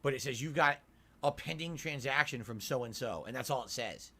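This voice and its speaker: A man co-hosting a casual livestream chat, telling rambling stories in an animated way with plenty of filler words. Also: medium pitch, moderate pace, slight background noise.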